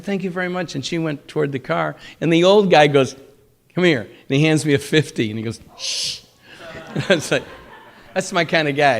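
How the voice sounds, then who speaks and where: An older man giving an informal sermon, telling lively stories and acting out the people he quotes. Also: mid-range voice, vocal fry. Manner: animated storytelling, acts out quoted people. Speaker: speaker at a temple class.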